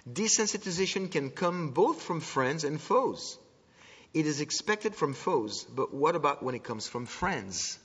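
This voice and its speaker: A man giving an earnest, animated talk to an audience, often restarting his sentences and filling pauses. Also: fairly high pitch. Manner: earnest, with frequent restarts and filler sounds. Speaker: speaker teaching about antisemitism. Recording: dull lo-fi sound with long hall reverb.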